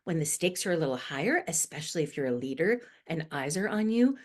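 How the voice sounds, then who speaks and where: A middle-aged American woman appears as a guest expert on inclusive language in a podcast interview, explaining earnestly and animatedly with rising emphasis. She has a deep voice and talks fast.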